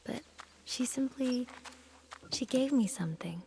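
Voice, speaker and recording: A woman voicing an adult narrator who calmly and reflectively recalls her childhood summers in a video game. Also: high voice, unhurried, creaky, slight background noise, full character voice. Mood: wistful. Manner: quiet, reflective storytelling. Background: music.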